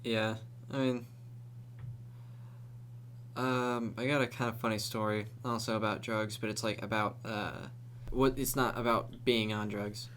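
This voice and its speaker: A man's voice: lowish voice, steady tone, unhurried, pauses often, a bit bright, slight background noise. A young man co-hosting a podcast in casual chat, telling stories with laughs and swearing freely. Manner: laughing storyteller who acts out quotes, swears freely. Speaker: podcast co-host.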